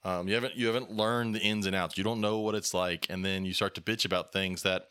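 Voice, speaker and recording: Blunt low man with a bright, dry voice. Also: fairly even intonation, fast, clean tone, dry recording. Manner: blunt, sarcastic, ranting. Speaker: podcast host. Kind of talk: casual chat.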